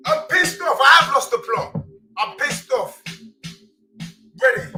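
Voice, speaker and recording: A man ranting heatedly about football in street slang, often shouting. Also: extremely high pitch, animated, measured pace, long pauses, music in the background. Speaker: football fan channel host. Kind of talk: angry fan rant with sung parody.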